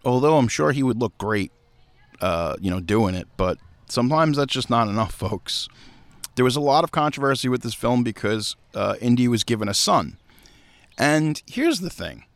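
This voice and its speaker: Animated, profane man hosting a podcast. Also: medium pitch, normal speed, no echo. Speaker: podcast host. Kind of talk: casual podcast chat. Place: outdoors.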